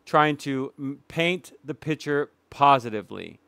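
Emphatic man with a smooth, dry voice. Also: mid-range voice, lively intonation, a bit bright, no echo. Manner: emphatic, indignant, with dramatic pauses. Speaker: commentary YouTuber. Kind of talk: reaction commentary.

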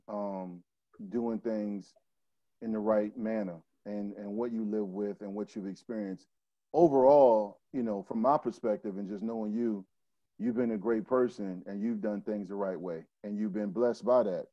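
A male interview host with a lowish, mellow voice, affirming his guest and addressing his audience. The sound is dry and close, though muffled and lo-fi. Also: normal speed, dry recording. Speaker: show host.

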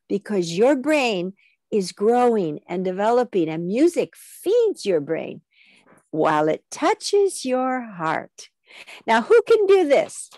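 A woman with a very high voice leads a children's music class over a video call, speaking slowly and carefully as she sings out lines for the kids to echo. The sound is dry and close, with no room around it. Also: darkish tone. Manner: call-and-response, sings along. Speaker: music teacher.

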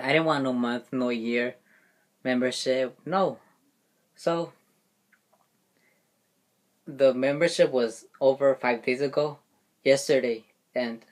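A man ranting casually to camera as a vlogger, swearing freely and laughing often. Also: mid-range voice. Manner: profane, indignant, laughs often. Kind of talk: casual vlog rant.

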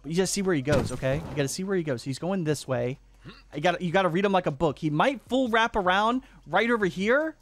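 Man, gameplay commentator, quick-talking, high voice, excitable, rambling, trips over names, faint clicks behind. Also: slight background noise. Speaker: gaming channel host.

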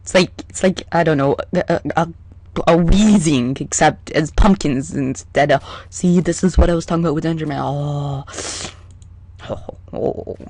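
A let's play gamer giving casual gameplay commentary in a hyper, excitable way, chatting to the creatures in the game. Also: medium pitch, moderate pace, slightly rough.

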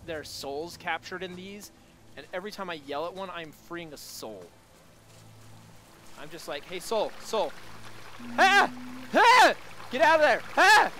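A man giving goofy, rambling commentary while playing a video game, talking to the creatures on screen and yelling now and then. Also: sits high, slight background noise. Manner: goofy, talks to game creatures, sudden yells. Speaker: gameplay video host. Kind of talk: let's play commentary.

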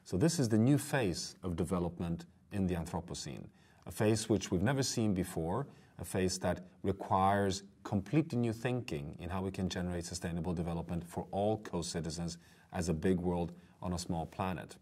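A man's voice: deep voice, normal speed, darkish tone, husky. A man giving an online course lecture, speaking earnestly and with emphasis, addressing viewers directly.

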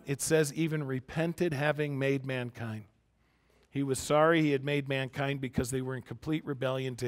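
A man preaching a conversational sermon to a congregation, moving between emphatic points and quiet, soft-spoken asides, picked up by a church microphone. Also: on the high side. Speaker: pastor. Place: church sanctuary before a congregation. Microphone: church sound system microphone.

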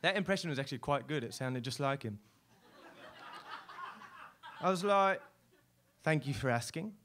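A man's voice: mid-range voice, animated, moderate pace, fairly bright tone, a little hiss or hum, natural voice. A man voicing a chatty male lizard mascot, in a rambling, self-mocking spoken word performance on a club stage. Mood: cheeky. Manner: breezy, rambling, self-mocking, full of fillers. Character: chatty male lizard mascot, showbiz-proud, secretly lonely. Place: live stage at a poetry club.

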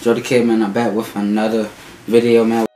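A man's voice: fairly low pitch, flat delivery, fairly quick, roomy sound, background noise. A man hosting a casual reaction vlog, stuffy from a cold, laid-back and repeating himself. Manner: laid-back, repeats "you know what I'm saying". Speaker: YouTube reaction host.

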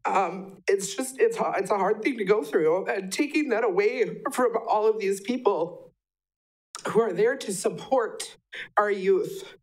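Young woman, public commenter, emotional, heartfelt, mid-pitched voice. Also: measured pace, low-quality recording. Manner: emotional, heartfelt, voice near tears. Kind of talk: public comment at a council meeting.

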